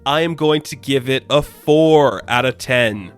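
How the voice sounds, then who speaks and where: A man's voice: medium pitch, a little slow, clear, resonant tone, soft background music. Sarcastic man ranting a review. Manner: sarcastic, exasperated. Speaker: comic book reviewer.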